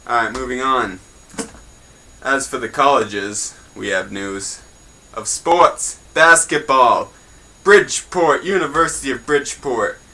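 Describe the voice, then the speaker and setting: A man's voice: medium pitch, takes it slowly, sharp tone, rough recording. A young man hosting a homemade news show in a rambling, crude, joking way. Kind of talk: casual mock newscast.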